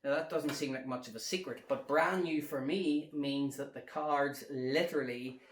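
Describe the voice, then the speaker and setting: A man performs close-up card magic, talking casually at a middle pitch while he tells a story. He counts the cards aloud as he deals. His voice rings with a noticeably roomy echo. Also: normal speed, slight background noise. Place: at home during lockdown.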